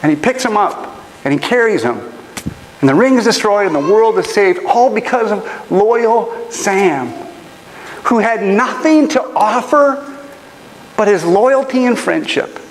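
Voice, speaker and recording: High-voiced man preaching in a reverberant hall. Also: expressive, measured pace, slight background noise. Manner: earnest, emotional storytelling. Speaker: pastor. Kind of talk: sermon. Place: church auditorium. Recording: long church hall reverb, faint ambience.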